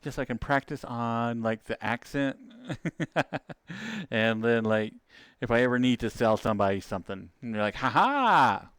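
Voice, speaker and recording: Male streamer, relaxed rambling chatter with viewers, laughs a lot, smooth voice, dry close sound. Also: mid-range voice, moderate pace, dry recording. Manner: rambling, laughs often, loses his train of thought. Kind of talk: casual livestream chat with viewers.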